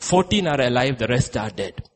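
A man's voice: medium pitch, animated, brisk, long reverb tail, lightly acted. A preacher voicing a trapped young boy who calls out eagerly to his father. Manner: loud, eager, raised voice.

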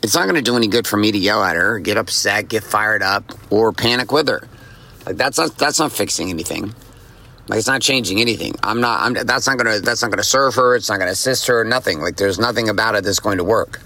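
A man's voice: lowish voice, fast talker, sharp tone. A middle-aged man hosting a podcast, telling a casual story and repeating his key lines for emphasis. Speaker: podcast host.

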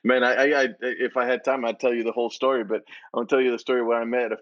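A man, a guest on a video-call chat, telling animated anecdotes and mimicking other voices. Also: medium pitch, racing, dry recording, dull audio.

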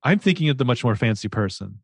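Lively man in a dry, close recording. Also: mid-range voice, fast, vocal fry, slightly rough, no echo. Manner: animated, laughing, retelling scenes. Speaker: podcast co-host. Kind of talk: casual movie-discussion chat.

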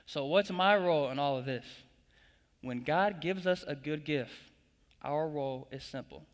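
Young male preacher, slightly raised pitch, emphatic and repetitive, big church hall with long echo. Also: measured pace. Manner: building emphatic repetition, calls congregation to respond. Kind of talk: sermon.

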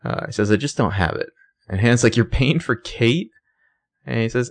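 A man co-hosting a casual podcast, recapping a TV episode in an animated way, acting out lines and swearing freely. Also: lowish voice, a little fast. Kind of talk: casual chat.

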